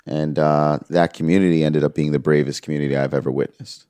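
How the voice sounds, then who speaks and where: This music manager, a guest in an interview, speaks in a bass voice at a fairly quick clip with few pauses. His tone is clean, with no echo. He tells his story earnestly, bringing the people he quotes to life in animated voices.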